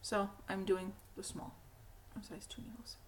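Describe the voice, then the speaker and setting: A middle-aged woman with a hoarse, cracky voice, hosting a knitting podcast in a rambling, casual chat with frequent laughs. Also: mid-range voice, little pitch movement, unhurried. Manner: chatty, rambling, laughs often. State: hoarse, frog in throat.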